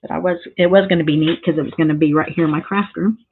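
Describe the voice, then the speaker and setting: A woman with a fairly low voice talks through a crafting project in an easy, meandering way. She drifts into side stories and keeps filling pauses with ums. The recording sounds thin and tinny, like a phone line. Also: steady tone, slight background noise. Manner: rambling, chatty, lots of ums and side stories. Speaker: craft vlogger. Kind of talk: casual crafting tutorial chat.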